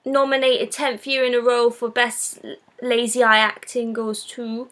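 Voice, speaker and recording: A woman's voice: on the high side, level tone, measured pace, fairly bright tone. A woman hosting a live stream, giving a blunt, sarcastic, casual film review.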